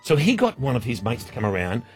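A man's voice: medium pitch, wildly swooping pitch, quick pace, soft background music. A man with an Australian accent hosting a comedic radio show, joking and laughing at himself. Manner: joking, self-mocking, laughs often. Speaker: radio breakfast host.

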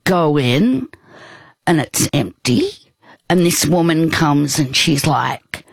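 A woman's voice: deep voice, sing-song, slow pace, vocal fry, breathy edge, no echo. A woman in conversation, telling a personal story in a rambling, hesitant way with many restarts. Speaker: guest.

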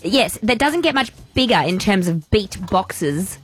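A woman's voice: mid-range voice, very animated, measured pace, faint music behind. An Australian woman co-hosting a radio show, chatty, teasing and enthusiastic in casual banter. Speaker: radio co-host. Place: radio studio. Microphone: studio microphone.

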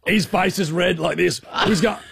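A man's voice: sits high, normal speed, creaky, a bit bright, a little hiss or hum. An Australian man in his thirties co-hosting a radio show, telling a story with a chatty, slangy manner. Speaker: radio co-host. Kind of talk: casual radio banter.

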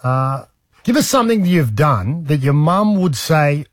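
A man's voice: on the high side, very animated, normal speed, no echo, clean studio sound. An Australian man hosting a breakfast radio show, joking and teasing his guest in casual on-air banter. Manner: joking, teasing, repeats himself.

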